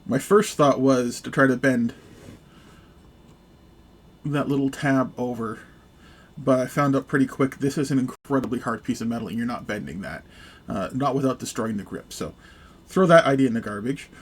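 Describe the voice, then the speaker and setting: A man's voice: medium pitch, normal speed, long pauses, slight background noise. Man casually demonstrating a repair. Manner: relaxed, joking, hesitant with fillers. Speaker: gun repair video host.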